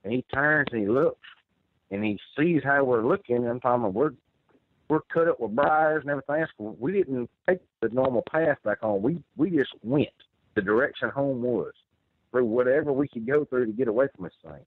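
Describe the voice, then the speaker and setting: A man's voice: mid-range voice, lively intonation, a little fast, no echo. A man telling a first-person story, rambling and earnest with many restarts. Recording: tinny phone line.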